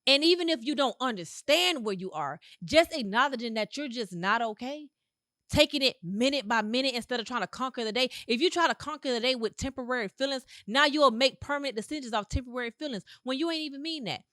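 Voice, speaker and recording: A woman hosts her own podcast, talking in a punchy, repetitive, motivational way with loose slangy phrasing. Her voice sits high and bright. The recording is dry and close, with almost no room sound. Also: expressive, quick pace, no room sound. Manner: emphatic, repetitive, preachy. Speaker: podcast host. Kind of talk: motivational monologue.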